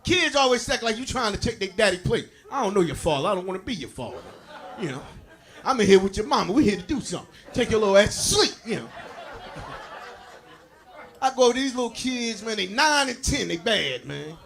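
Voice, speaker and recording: A man doing a stand-up comedy set for a live audience, shouting his punchlines, laughing at his own jokes and calling out to the crowd. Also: sits high, very animated, brisk, creaky. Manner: talks straight to the crowd, calls out to them.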